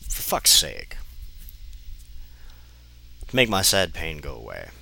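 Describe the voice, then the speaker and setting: A man's voice: rumbling low, huge pitch swings, slow pace, gravelly, pauses often, bright, forceful tone, low-quality recording. A man doing a comedic dramatic reading of a bad fan story, breaking off often with sarcastic, exasperated, swearing commentary.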